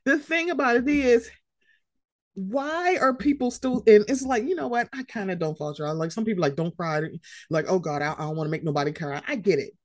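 A woman co-hosting a casual chat about reality TV, slangy and animated, acting out quotes as she talks. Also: mid-range voice, a little fast. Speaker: podcast co-host.

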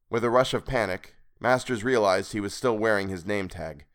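A man narrating a weird tale in a measured, expressive reading. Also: lowish voice, clear, resonant tone. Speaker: podcast reader. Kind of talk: scripted story narration.

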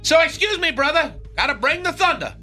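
Picture a cocky male radio character, as a man puts him on, talking in loose jive slang and inventing silly long words as he brags. His voice sits high and sounds sharp and bright. It swoops all over the place, and faint music plays behind him. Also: very animated, a little fast, heavily acted. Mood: swaggering. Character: brash boastful male radio character who coins fake words. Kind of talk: comedy radio bit.

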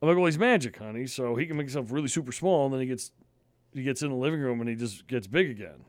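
A man in his thirties co-hosts a podcast, speaking fast and animated in a medium-pitched voice with no echo. His talk is casual, profane, chatty storytelling.

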